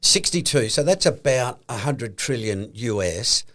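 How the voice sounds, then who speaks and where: An Australian man co-hosts a relaxed podcast conversation about money. He builds his argument step by step and often plays out imaginary exchanges to make a point. His voice sits at an ordinary middle pitch for a man. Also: unhurried. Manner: explains points through acted-out hypothetical conversations. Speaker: podcast co-host. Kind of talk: casual chat.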